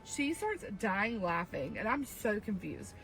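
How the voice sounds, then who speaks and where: A woman telling a casual personal anecdote in a chatty, animated way. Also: medium pitch, a little slow, creaky, a little hiss or hum, low-quality recording. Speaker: storyteller in a played clip.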